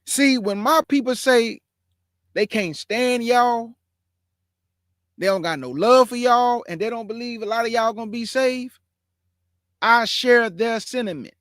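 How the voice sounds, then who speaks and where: Hosting his own show, a man with a strikingly high voice gives fiery, preacher-like commentary, hammering points with emphatic repetition. He takes a measured pace with long pauses, and the sound is dry, close, slightly bright, and free of room echo.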